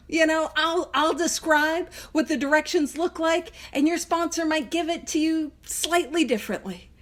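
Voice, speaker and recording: A woman hosting a book study, reading passages aloud and explaining them in a chatty way, with laughing asides and frequent restarts. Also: sits high. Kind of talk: casual teaching, reading and explaining text. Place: in a vehicle on a video call.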